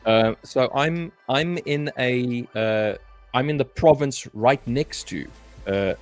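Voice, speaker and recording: A man's voice: medium pitch, slow, soft background music. A man from South Africa with a South African accent, chatting and teasing on a live stream, often stumbling over and repeating his words. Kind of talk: casual banter on a live stream.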